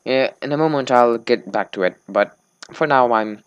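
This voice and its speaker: A man's voice: mid-range voice, normal speed, clear, resonant tone, no room sound, lo-fi sound. Male let's-play host, sleepy and slurring, rambling chat, dry close sound. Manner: rambling small talk, slurred words. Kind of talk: casual gameplay commentary.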